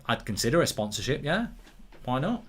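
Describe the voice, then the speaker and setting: A man's voice: medium pitch, very animated, a little fast, breathy edge. A man hosting a live football watchalong, rambling casually as he reads viewer comments aloud. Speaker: host. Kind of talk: live match watchalong chat.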